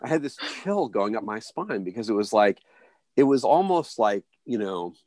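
Deep-voiced man telling stories haltingly. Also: big pitch swings, mellow, no echo, studio quality. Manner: halting, many restarts and fillers, voices others in stories. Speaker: interview guest. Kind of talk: reflective storytelling. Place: near a big US city.

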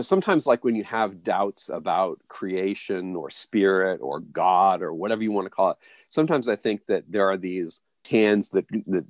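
Deep-voiced man telling stories haltingly. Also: darkish tone, no room sound, studio quality. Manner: halting, many restarts and fillers, voices others in stories. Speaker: interview guest. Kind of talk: reflective storytelling. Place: near a big US city.

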